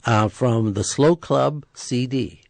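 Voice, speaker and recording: A man hosting a radio arts interview in a studio, friendly and quick to laugh. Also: medium pitch, gravelly. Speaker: radio arts show host. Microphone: studio microphone.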